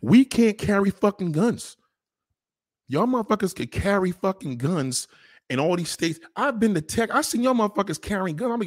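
A man's voice: high-pitched, a little fast, no echo, clean studio sound. A man with a New York accent, talking in a casual, profane monologue and mimicking other people. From New York City. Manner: animated, swearing, mimicking others.

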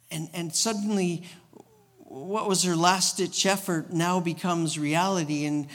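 High-voiced man preaching in a reverberant church. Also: fairly bright tone. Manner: casual storytelling preaching with repeated restarts. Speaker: guest pastor. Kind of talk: sermon. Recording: long reverb of a church hall.

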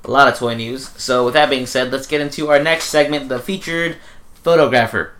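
A young man hosts a casual podcast and leads into each segment. He sounds relaxed and throws in swearing at an ordinary male pitch. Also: brisk, a little hiss or hum. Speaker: podcast host.

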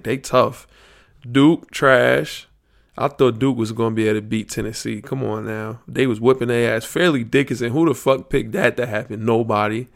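Gravelly man riffing on sports. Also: mid-range voice. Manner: loose, profane, slangy sports talk, thinking aloud. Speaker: podcast host. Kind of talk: casual solo podcast talk.

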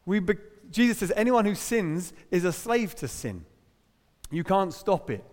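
A middle-aged English preacher delivers a sermon from the front of a church hall, his voice sitting a little high for a man. He keeps it conversational and jokey, leaning hard on the words he wants to land. The room carries a long reverb behind every phrase. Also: very animated, unhurried. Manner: conversational, humorous, emphatic.

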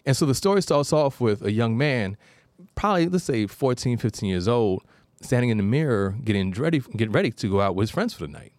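A man's voice: mid-range voice, lively intonation, brisk, darkish tone, no echo, studio quality. A man hosting an advice show, talking casually and telling stories with digressions. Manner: conversational storyteller, digressive. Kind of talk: casual call-in advice talk.

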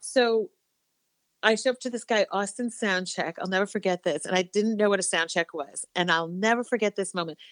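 A woman guest on a podcast, a cellist telling stories with lots of animation and casual cursing. Her voice sits at an ordinary middle pitch. It sounds very dry and close, with no room sound at all. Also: fairly quick, no room sound. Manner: animated storyteller who swears casually. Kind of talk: casual interview storytelling.

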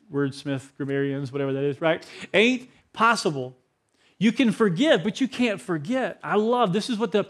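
A man in his thirties, a pastor, preaching a conversational sermon to a congregation and asking the room questions. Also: sits high. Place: church hall with a congregation.

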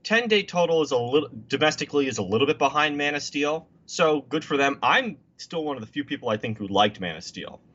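A man talks movies in an easy, casual way, opinionated and emphatic, sliding into mocking impressions now and then. His voice is bright and pushed forward. The recording sounds dull and lo-fi. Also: a little high, lively intonation, a little fast, few pauses.

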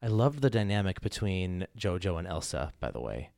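A man's voice: sits low, big pitch swings, normal speed, creaky, a little mellow, no echo, clean studio sound. A man chatting about a film in an easygoing way, laughing at his friends' reactions. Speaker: film reviewer. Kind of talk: casual film discussion.

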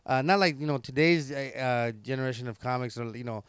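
A man's voice: mid-range voice, fast talker, a bit bright, clean tone, no echo. A man, a comedian telling rambling stories in casual chat. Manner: rambling, laid-back, lots of fillers. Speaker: stand-up comedian, podcast host.

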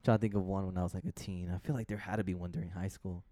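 A man co-hosting a podcast, telling personal stories in casual chat, animated and swearing freely, acting out the voices of people in his stories. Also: sits low, very fast, dry recording, studio quality. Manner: animated storytelling, acts out quoted voices. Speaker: podcast co-host.

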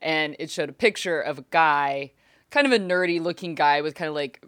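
Low-voiced woman rambling and laughing thru a casual chat, dry close sound. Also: moderate pace, a bit bright, no echo.

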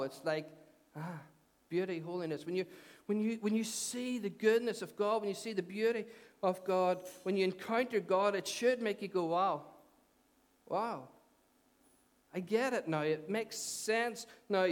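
A man preaching a sermon as pastor, conversational, repeating phrases and asking the congregation questions. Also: high voice. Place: church hall. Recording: long church hall reverb.

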